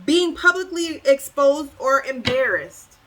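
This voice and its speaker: Woman, tarot reader talking straight to the viewer; high, bright voice, emphatic and sassy. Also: expressive, slow, low-quality recording. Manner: emphatic, preachy, repeats phrases for effect; sassy, incredulous outbursts.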